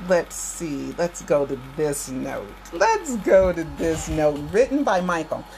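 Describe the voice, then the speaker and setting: A woman's voice: low voice, big pitch swings, slow pace, gravelly, dark tone, soft background music. Fired-up American woman vlogger. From United States. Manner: emphatic, repeats phrases, addresses viewers directly. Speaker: channel host. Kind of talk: impassioned political rant to viewers.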